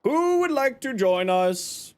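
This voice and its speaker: Male streamer, high voice, very lively pitch, upbeat, playfully sarcastic, casual chat. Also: slow pace. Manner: upbeat, greets chat by name. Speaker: game streamer.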